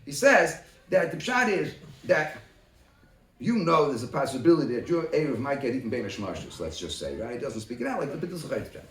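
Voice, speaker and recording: A man leading a Talmud study group who talks through a case by acting out both sides in quick exchanges. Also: medium pitch, very animated. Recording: roomy, from a distance.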